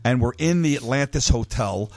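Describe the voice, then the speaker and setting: A man telling stories on a radio show in casual chat, lively and acting out the voices of others. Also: medium pitch, moderate pace, dry recording. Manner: animated storyteller, acts out voices. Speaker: reality TV show guest.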